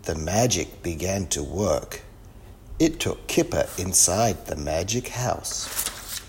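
A man reading a children's story aloud with lively expression. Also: low voice, slight background noise. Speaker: narrator.

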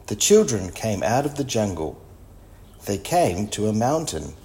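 Reader: low-voiced man, slow and lilting, reading to children. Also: sing-song, warm tone, slight background noise. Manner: slow, sing-song, clearly paced. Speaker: storybook reader. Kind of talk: children's story read-aloud.

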